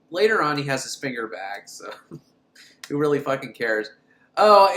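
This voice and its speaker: A man's voice: on the high side, bright, forceful tone, roomy sound. A young man hosting a comic film recap, sarcastic and joking, laughing often. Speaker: podcast host.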